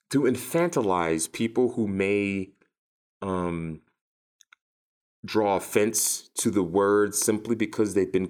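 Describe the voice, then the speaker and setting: A man with a fairly low voice talking in a loose, rambling way, restarting his sentences often and sounding sardonic. He co-hosts a casual talk show. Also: darkish tone. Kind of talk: casual conversation.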